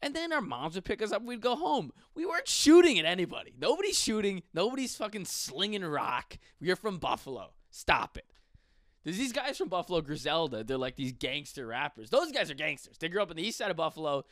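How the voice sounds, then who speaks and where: A young man from western New York riffs in a loose, profane stand-up rant. His voice sits a bit high and bounces around with lively pitch swings. The sound is dry and close. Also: brisk, no echo. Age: 20s. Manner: profane, rambling, animated. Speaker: stand-up comedian. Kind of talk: casual podcast rant.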